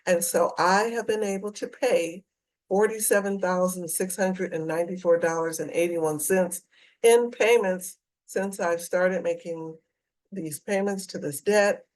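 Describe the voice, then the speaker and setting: A middle-aged woman vlogging in a casual, earnest way to her viewers, reading out dollar figures slowly and carefully. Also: fairly low pitch, a little mellow, poor audio. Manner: slow, deliberate, earnest, reads figures out carefully. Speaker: personal finance vlogger. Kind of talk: casual talk to camera about debt payoff.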